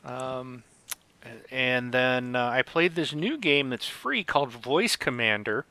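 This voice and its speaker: A man's voice: medium pitch, animated, slow, bright, forceful tone, clear, resonant tone, no echo. A man hosting a casual podcast about video games, rambling with many fillers and restarts. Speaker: podcast host.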